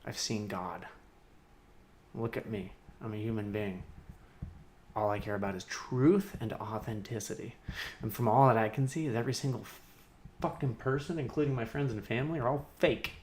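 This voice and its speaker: A man talking alone on a livestream, rambling and laughing to himself, swinging between loud outbursts and muttered asides. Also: fairly low pitch, normal speed, long pauses. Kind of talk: rambling solo livestream monologue. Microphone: streaming mic.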